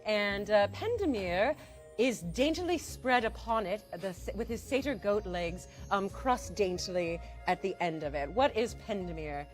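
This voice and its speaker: A woman narrating a tabletop game as dungeon master, gentle and playful. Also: medium pitch, animated, normal speed, faint music behind.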